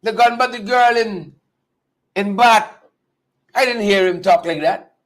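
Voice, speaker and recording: A man hosting a live political talk show, talking straight to viewers in a mocking, animated way. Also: sits high, measured pace, long pauses. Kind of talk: casual live-stream commentary.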